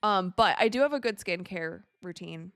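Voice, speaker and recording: A woman hosting a live watch party, chatting casually, reading viewer comments and reacting with excited outbursts to the plays. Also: on the low side, normal speed, clean tone, dry recording, clean studio sound. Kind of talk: casual live-stream chat and game reactions.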